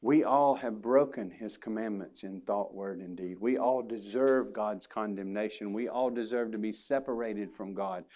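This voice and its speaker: A man's voice: on the low side, normal speed, few pauses, a little mellow. Man, pastor, emphatic sermon, casual asides, church. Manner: earnest, emphatic preaching with asides to the congregation. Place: church sanctuary.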